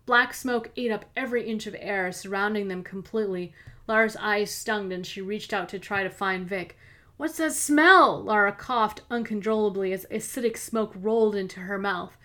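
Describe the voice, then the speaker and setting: A woman hosting a podcast, reading a mystery story aloud in steady, evenly paced scripted narration. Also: mid-range voice, moderate pace. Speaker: podcast host and author-narrator.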